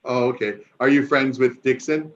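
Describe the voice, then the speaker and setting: A man's voice: medium pitch, normal speed. A man hosting an online gathering, talking casually with many fillers and restarts. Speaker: program host. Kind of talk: casual Zoom introductions. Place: New York City. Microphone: video call. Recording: dull lo-fi video call audio.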